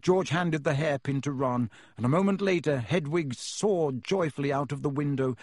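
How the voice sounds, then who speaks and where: Husky-voiced man reading a storybook. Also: a little high, moderate pace, darkish tone, no echo, studio quality. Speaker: audiobook reader. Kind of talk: storybook narration.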